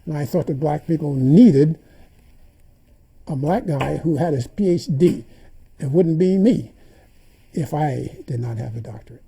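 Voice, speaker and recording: A man's voice: fairly high pitch, unhurried, vocal fry, pauses often, mellow, slightly rough. An older man in an interview, telling memories as stories and acting out the dialogue he recalls. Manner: anecdotal, acts out remembered dialogue. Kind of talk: reminiscing interview storytelling.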